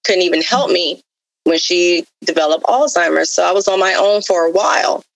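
A woman's voice: on the low side, moderate pace, vocal fry, no echo, rough recording. A woman guest giving a heartfelt personal testimony, earnest and openly spiritual, with frequent fillers and repetition. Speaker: guest sharing her life story.

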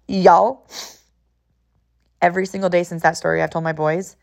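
A woman's voice: lowish voice, little pitch movement, normal speed, creaky, a little mellow. A woman in her thirties from California, hosting a podcast and telling an emotional personal story in an earnest way, often repeating herself. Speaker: podcast host.

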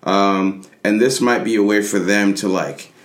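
A man's voice: fairly low pitch, steady tone, measured pace, echoey room. A man co-hosting a podcast, giving enthusiastic opinions in casual chat. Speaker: podcast co-host. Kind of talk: casual chat about comics.

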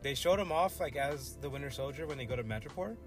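A man's voice: medium pitch, animated, fast, music in the background. A young man co-hosting a casual podcast, laid-back and hesitant, often trailing off with "I don't know". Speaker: podcast co-host. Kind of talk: casual chat.

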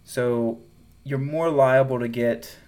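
A Southern-accented man co-hosting a casual podcast. He talks in an animated way, laughs often, and trails off and restarts as he goes. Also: medium pitch, slow. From American South. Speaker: podcast co-host. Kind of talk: casual chat.

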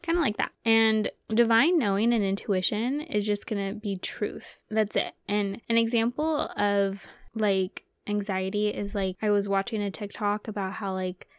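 A woman's voice: medium pitch, no echo, clean studio sound. A young woman hosting a casual spiritual podcast, rambling and loose, with lots of "like" fillers. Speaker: podcast host.

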